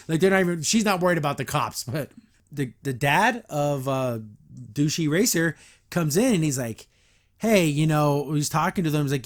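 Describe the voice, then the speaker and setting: A man hosting a podcast, reviewing a cartoon episode in a rambling, animated way, acting out the characters as he retells it. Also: fairly high pitch, normal speed. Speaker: podcast host.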